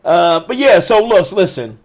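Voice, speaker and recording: A man co-hosting a casual gaming podcast, swearing freely and telling animated stories. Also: sits high, normal speed. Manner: profane, animated storyteller. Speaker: podcast co-host.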